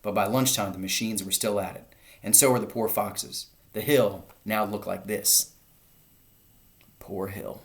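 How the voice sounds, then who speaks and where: A man, a teacher, reading a children's story aloud to his class, lifting his voice for the shouted lines. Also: on the low side, steady tone, a little slow, gravelly.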